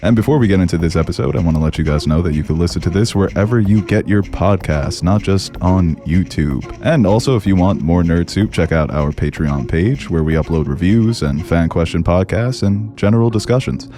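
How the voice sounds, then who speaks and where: A man's voice: low voice, fairly quick, hardly any pauses, warm tone. A man hosting a podcast in a casual, joking review chat, with a scratchy early-morning voice. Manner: enthusiastic, joking. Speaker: podcast host.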